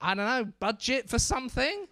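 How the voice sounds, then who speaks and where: High, lively, brash comedy club MC. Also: male voice, moderate pace, no room sound. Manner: brash, teasing, swears freely. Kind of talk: stand-up crowd work.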